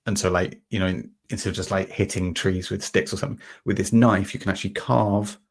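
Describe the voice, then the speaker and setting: Low creaky-voiced man, rambling explainer. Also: fairly even intonation, brisk. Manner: meandering, many fillers and restarts, explains through homely examples. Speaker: podcast host. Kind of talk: reflective conversational explanation.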